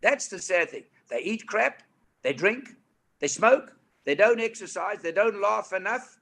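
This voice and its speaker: A man in his eighties with a South African accent, telling anecdotes as an interview guest in a lively, animated way. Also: sits high, measured pace, creaky. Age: 80s. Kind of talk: storytelling interview. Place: indoor studio couch.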